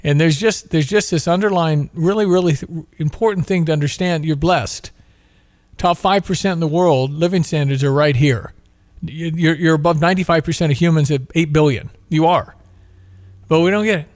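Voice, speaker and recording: A man's voice: on the high side, normal speed, a little mellow, dry recording, clean studio sound. A man hosting a talk show, telling a story in an earnest, emphatic way and drawing moral lessons from it.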